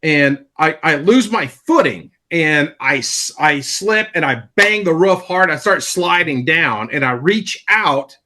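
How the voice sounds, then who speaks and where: A man's voice: fairly high pitch, lively intonation, slow pace, few pauses, bright, forceful tone. A man on a comedy podcast, telling a long anecdote in casual chat, with restarts and repeated words. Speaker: podcast co-host.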